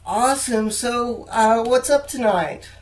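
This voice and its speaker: A young man interviewing a guest, earnest and halting, with frequent fillers and restarts. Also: very high voice, rough recording. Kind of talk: casual interview chat.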